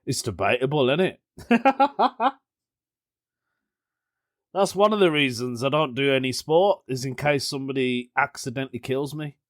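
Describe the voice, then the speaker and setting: A young man chats through his solo podcast, musing aloud and drifting into stories. His voice sits at an ordinary middle pitch and he laughs easily. The recording is dry and close, with no room sound. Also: animated, unhurried, long pauses, no room sound. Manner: chatty storyteller, laughs often, British slang like "innit". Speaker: podcast host. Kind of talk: casual solo podcast chat.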